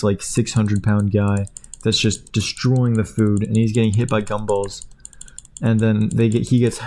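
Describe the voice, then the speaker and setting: A man's voice: lowish voice, warm tone. Male creator, casual meandering retelling, chuckly, filler-heavy delivery. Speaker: video creator. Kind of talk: casual rambling plot retelling.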